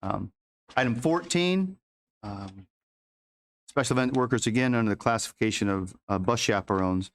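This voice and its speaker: At a school board meeting, a man whose voice is on the low side presents the agenda items. His delivery is casual and stop-start, full of fillers and false starts.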